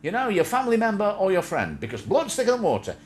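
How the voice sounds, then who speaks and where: A man rambling through a casual livestream chat, his pitch leaping up and down as he jokes. He keeps going off on tangents and slips into silly voices. A faint hum sits behind him. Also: wildly swooping pitch, fast talker. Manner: jokey, digressive, slips into silly put-on voices. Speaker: livestream host.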